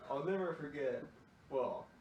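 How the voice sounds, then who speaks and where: A man's voice: fairly high pitch, measured pace, far from the mic, muffled recording, background noise. A young man co-hosting a podcast, chiming in with easygoing stories. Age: young adult. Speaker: podcast co-host. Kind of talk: casual storytelling. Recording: echoey room, off-mic.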